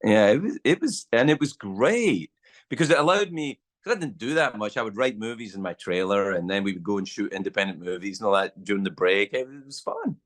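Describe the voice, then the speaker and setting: Animated Scottish man telling a story. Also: fairly low pitch, fairly quick. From Scotland. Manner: animated storyteller, acts out quotes, swears freely. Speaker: guest. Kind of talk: casual storytelling chat.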